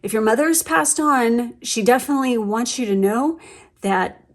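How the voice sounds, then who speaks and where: A woman's voice: on the high side, expressive, moderate pace. A woman giving a casual, emotional tarot reading, chatty with lots of fillers and the odd swear word. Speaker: tarot reader.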